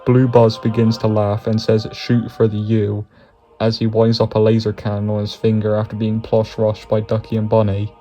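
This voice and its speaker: Low, flat-voiced man narrating with profanity. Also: a little fast, hardly any pauses, soft background music. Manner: profane, chuckling through lines. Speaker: YouTube narrator. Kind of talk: comedic scripted narration.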